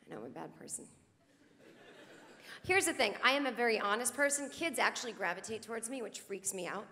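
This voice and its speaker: A woman's voice: on the high side, animated, brisk, sharp tone. A woman in her forties doing a sardonic stand-up routine on a theater stage, acting out the voices she quotes. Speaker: stand-up comedian. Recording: long hall reverb from live theater.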